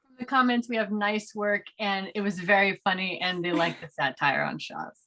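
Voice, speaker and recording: A woman's voice: medium pitch, animated, normal speed, sharp tone. A woman at a poetry reading, giving her own friendly, amused comment and passing on audience remarks. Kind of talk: casual comments.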